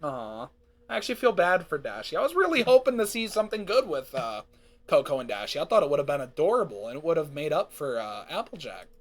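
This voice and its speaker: A man's voice: on the high side, sing-song. A man hosting his channel, chatting and reacting between reading comic panels. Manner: chatty, reacts with quick laughs. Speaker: channel host.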